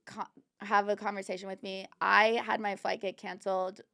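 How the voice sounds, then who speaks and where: Casting: young woman host, gravelly fry in the voice, candid chatty delivery, mid pitch. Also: little pitch movement. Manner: quick reactions, candid, often soft. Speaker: podcast host. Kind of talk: casual podcast chat.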